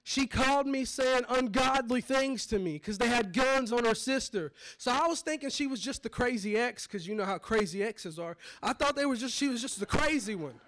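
A man preaching his testimony, telling it dramatically and swinging from hushed low moments to shouts. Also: expressive, normal speed, hardly any pauses. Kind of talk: testimony sermon.

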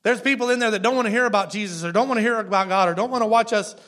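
Pastor, male, high and bright-toned voice, chatty sermon delivery with restarts. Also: rapid-fire. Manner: conversational preaching with frequent restarts and "right?" asides.

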